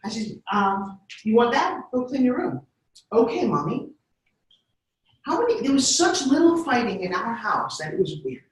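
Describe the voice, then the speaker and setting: The voice of a middle-aged woman who tells stories with lively energy, slipping into little voices as she goes. It sounds very echoey, as if she is standing well away from the mic in a big bare room. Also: a little high, normal speed, recorded from a distance. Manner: animated, acts out voices. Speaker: speaker. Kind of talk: storytelling talk.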